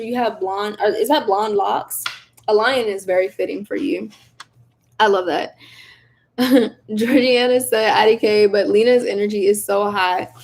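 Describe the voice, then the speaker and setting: A young woman hosting a casual livestream, reading viewer comments aloud in a chatty, animated way and laughing often. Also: on the high side. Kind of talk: casual live chat.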